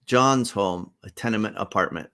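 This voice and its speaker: A man reading his own stage play aloud as a one-man reading, narrating scenes and voicing every role. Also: on the low side. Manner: slow, animated, laughing at his own lines.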